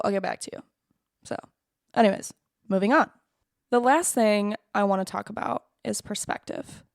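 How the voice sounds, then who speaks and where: Young woman in her twenties, candid vlog monologue, blunt and self-deprecating, curses often, mid-pitched voice, dry close sound. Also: creaky, dry recording. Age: 20s. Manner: frank, swears freely, self-deprecating. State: choked up at times. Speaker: vlogger.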